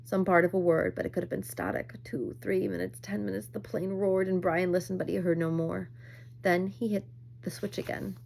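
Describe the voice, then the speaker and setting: A woman reading a novel aloud at a measured pace, with occasional small slips. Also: fairly low pitch, fairly even intonation, gravelly, darkish tone. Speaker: reader.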